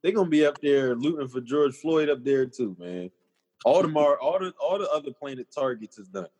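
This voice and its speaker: A young man in casual group chat, telling animated, slangy, joking stories. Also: mid-range voice, fairly quick, breathy edge. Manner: animated, slangy, jokey storytelling. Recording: long hall reverb.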